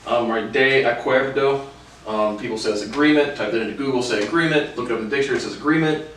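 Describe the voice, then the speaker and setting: A man's voice: medium pitch, fast talker, fairly bright tone, slight background noise. A man giving a casual video lesson on Spanish verbs, rambling and hesitant with many fillers. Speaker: language learner teaching Spanish verbs. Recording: very echoey room, mic at a distance.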